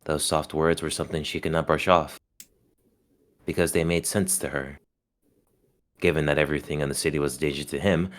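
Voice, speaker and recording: A man narrating a visual novel aloud in a steady, measured way. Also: extremely low pitch.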